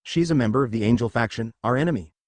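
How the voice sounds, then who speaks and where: A man's voice: medium pitch, quick pace, darkish tone, dry recording, close to an everyday voice. A man voicing an enraged, scheming young male devil heir who bellows and screeches his lines. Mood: furious.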